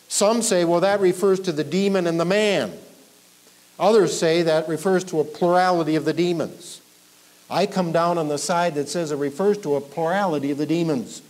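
A man preaching a verse-by-verse sermon as pastor, building up with emphasis and then dropping low at the ends of lines. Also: darkish tone. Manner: teaching verse by verse, emphatic rises, trailing off low at line ends. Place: church sanctuary.

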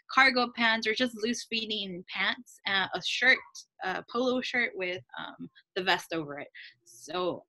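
A woman's voice: medium pitch, sharp tone. A woman chatting casually, thoughtful, often checking in with "right?". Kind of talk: casual chat.

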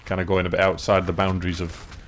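Low-voiced relaxed English guy. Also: fast. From England. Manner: relaxed, rambling. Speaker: player and commentator. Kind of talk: casual gaming commentary chat.

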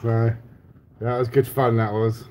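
A man's voice: mid-range voice, level tone, unhurried, darkish tone, slight background noise. An English man co-hosting a live stream in casual chat, laughing often as he reads out viewer comments.

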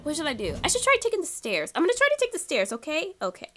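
Excitable high-voiced woman gaming. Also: fast, background noise. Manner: excitable, talks to game characters, swings to hushed whispers. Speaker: gaming channel host. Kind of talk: playing a horror game with commentary.

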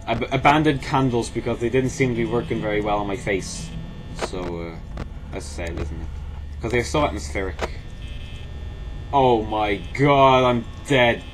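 A young man with an excitable manner and dry, self-mocking humor, commenting live on a horror game and yelping in alarm when he is caught. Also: normal speed, slight background noise. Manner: excitable, jumps to high-pitched shouts when scared. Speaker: gaming channel host. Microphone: facecam headset or desk mic. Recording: game music heard behind the voice.

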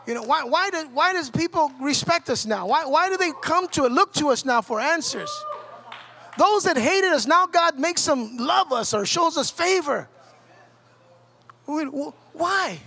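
A man with a Southern Californian accent preaching a passionate sermon as pastor, building to shouts and then dropping low. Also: expressive, a little slow, gravelly.

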